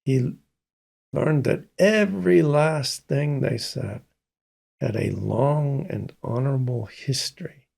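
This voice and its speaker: Speaking as a guest in a relaxed interview, an older pianist and composer from Mississippi spins unhurried stories full of thoughtful pauses. His medium-pitched voice is dark, husky, and gravelly.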